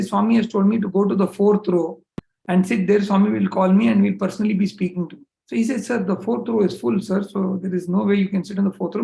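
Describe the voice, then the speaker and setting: A man with an Indian English accent giving a talk, telling a personal story in an animated way and acting out his own quoted words. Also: sits high, creaky, reverberant, rough recording. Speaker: guest speaker.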